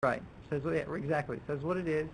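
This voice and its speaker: Man, teacher-trainer workshop talk, gravelly, a bit high, chatty with restarts, faint hiss. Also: fairly quick, low-quality recording. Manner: conversational, with many restarts and acted-out student quotes. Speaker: language teacher leading a workshop. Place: lecture room.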